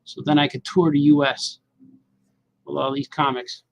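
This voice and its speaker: A man's voice: fairly high pitch, little pitch movement, moderate pace, creaky, slight background noise, poor audio. A man rambling and joking to himself while drawing, calling everyone "man". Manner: talks to himself, musing and joking, says "man" often. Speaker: cartoonist drawing on camera.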